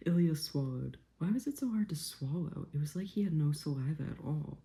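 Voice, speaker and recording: A woman book vlogger reading a novel aloud and reacting excitedly, often dropping into a whisper. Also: deep voice, moderate pace.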